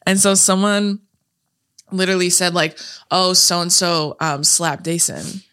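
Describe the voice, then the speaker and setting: A young woman telling a story in casual chat, animated, swearing freely and laughing often. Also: fairly low pitch, measured pace, clear, resonant tone.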